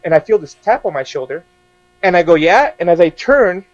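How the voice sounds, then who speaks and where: A young man telling a story casually as a podcast guest, animated and laughing often as he acts out quoted dialogue. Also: sits high, fairly quick, dry recording, muffled recording.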